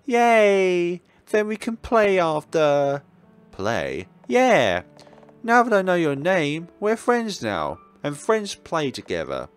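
A man's voice: on the high side, very animated, a little slow, soft background music, voice pushed up. A man voicing a cheerful, bossy little girl in a horror game playthrough, talking in a bubbly, chirpy way.

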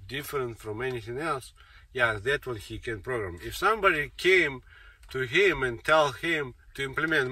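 A man's voice: mid-range voice, sharp tone. A man talking in an insistent, rambling monologue, repeating himself and circling back to the same points. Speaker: speaker giving a monologue. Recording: distant mic with faint noise.

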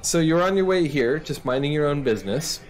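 Theatrical man with a lively, higher voice. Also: fast. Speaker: host. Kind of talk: scripted comedy sketch.

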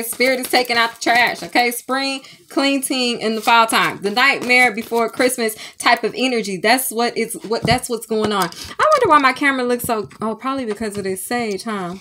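There's a slight hiss or hum behind this woman's slightly high voice as she talks animatedly in her spiritual vlog. A medium and tarot reader, she chats casually in a sage-smoked room at home, peppering her talk with "okay?" and "y'all."

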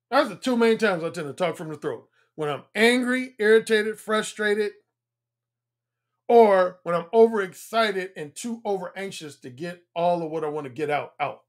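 A man in his fifties, a dating coach talking bluntly on a livestream, repeating his points and swinging between a high throaty tone and a deep resonant one. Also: a bit bright. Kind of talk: livestream talk.

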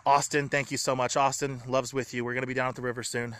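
A man vlogging from home, talking in an earnest, rambling, grateful way, excited and a little shaky. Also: mid-range voice, quick pace, clear, resonant tone, no echo. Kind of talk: emotional personal vlog.

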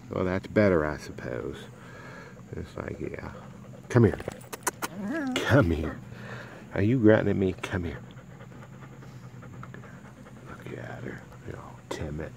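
A man's voice: low-pitched, moderate pace, pauses often, darkish tone, slight background noise, rough recording. A man, a dog breeder, chatting casually and coaxingly to his dogs in a home video. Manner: doting, coaxing talk to his pets.

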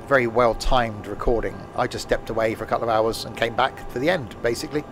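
A man's voice: medium pitch, quick pace, music in the background. A man casually chatting while live-streaming a train game, rambling and joking to himself and his chat at a home desk mic.

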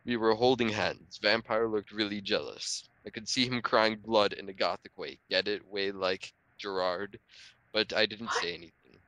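A man's voice: on the low side, steady tone, moderate pace, pushed and bright, no echo, rough recording. A young man reading a fan story aloud in a dry, matter-of-fact way with small quips. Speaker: reader in a group reading.

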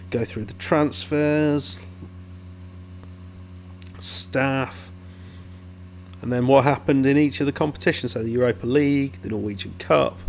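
A man talks in a loose, rambling way, stopping and restarting his sentences as he thinks aloud. His pitch sits in a middling range. A faint hum runs under the recording. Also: creaky. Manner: rambling, self-interrupting, chatty. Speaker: YouTube host reviewing game blogs. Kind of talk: casual commentary while browsing.

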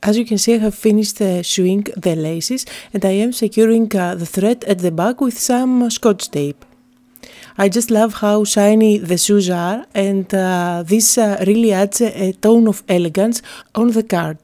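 A woman narrating a step-by-step card-making tutorial, calm and explanatory, with frequent "uh" fillers. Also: medium pitch, moderate pace.

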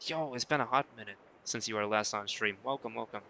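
Man, live streamer, casual chat, very bright tone, faint background hum, playful with chat. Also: fairly low pitch, fairly quick, creaky. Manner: chatty, reads viewer messages aloud and answers them playfully.

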